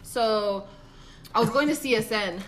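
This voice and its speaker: A young woman with a bright, forceful voice, a little higher than most. She tells stories in loose, casual chat, often acting out what people said. She swears freely and laughs a lot. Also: a little slow, a little hiss or hum. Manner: animated, swearing, acts out quotes, laughs often. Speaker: podcast co-host.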